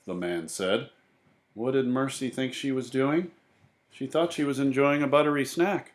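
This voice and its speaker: A man reading a children's book aloud in an expressive way, putting on voices for the characters. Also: mid-range voice, moderate pace, reverberant. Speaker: storybook reader.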